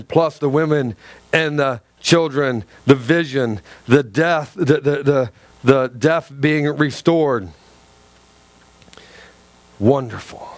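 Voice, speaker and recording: High-voiced impassioned male preacher. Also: dry recording. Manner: impassioned, repetitive preaching with acted-out quotes. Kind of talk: sermon.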